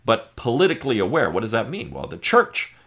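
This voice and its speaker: A man's voice: mid-range voice, wildly swooping pitch, brisk, vocal fry, a bit bright. A man hosting a podcast, giving an emphatic, sarcastic opinion monologue with frequent fillers. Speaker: podcast host.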